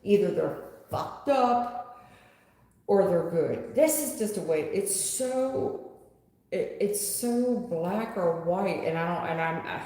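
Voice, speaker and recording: Taking it slowly, a woman with a dark, low-leaning voice reads tarot on a live stream. Blunt and chatty, she talks straight to the chat from an echoey room with long reverb.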